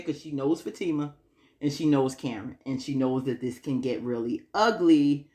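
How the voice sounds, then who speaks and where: A woman's voice: extremely low pitch, normal speed, mellow. Chatty woman recapping a TV episode. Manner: chatty, acts out characters' lines, frequent laughs. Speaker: TV recap vlogger.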